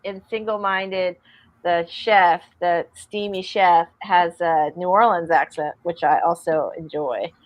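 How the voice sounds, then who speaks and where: A woman's voice: lowish voice, takes it slowly, lo-fi sound. A woman writer chatting casually on a video call, enthusiastic and jokey. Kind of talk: casual group chat on a livestream.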